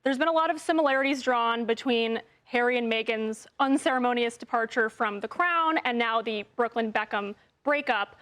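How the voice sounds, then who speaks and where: A woman's voice: on the high side, normal speed, hardly any pauses, fairly bright tone. A woman giving firm, confident opinions as a commentator on a TV panel show.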